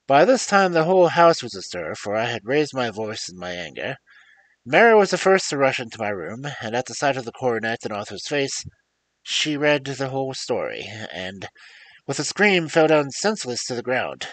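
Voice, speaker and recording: A man reading a classic story aloud in an expressive storytelling style. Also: medium pitch, normal speed, poor audio. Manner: lively expressive reading with rises and drops. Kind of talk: audiobook reading, dramatic storytelling.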